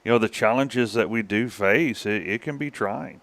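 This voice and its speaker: A man's voice: fairly low pitch, moderate pace, a bit bright, dry recording. A man, a guest on a talk show, speaking easygoing with frequent restarts. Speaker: guest, funeral director. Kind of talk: casual interview chat.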